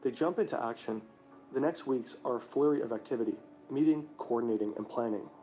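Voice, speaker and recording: A male narrator reading a scripted documentary narration in a measured, even delivery. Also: mid-range voice, faint music behind, low-quality recording.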